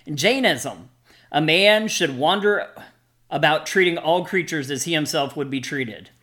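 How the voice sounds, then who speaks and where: Podcast host in recovery: relaxed, reflective storyteller, mid-range voice, chatty and unscripted. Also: mid-range voice, unhurried. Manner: reflective, storytelling, frequent fillers. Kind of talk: casual podcast chat.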